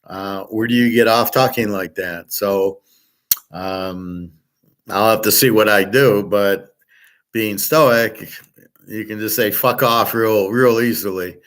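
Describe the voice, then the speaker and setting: A man's voice: fairly low pitch, fairly even intonation, takes it slowly, fairly bright tone. A middle-aged man talking in a blunt, profane, rambling way, full of fillers, as host of a casual monologue.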